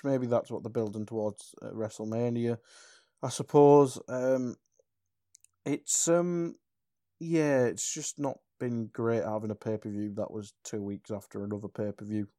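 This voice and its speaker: A man's voice: mid-range voice, fairly even intonation, moderate pace, warm tone, dry recording, clean studio sound. A man co-hosting a wrestling podcast, talking casually with lots of ums, restarts and the odd swear. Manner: rambling, swears, trails off with ums. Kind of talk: casual chat.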